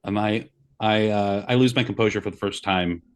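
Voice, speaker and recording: A man's voice: lowish voice, steady tone, moderate pace, slight background noise. Hesitant man player with dry humor. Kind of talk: playing a character in a tabletop game.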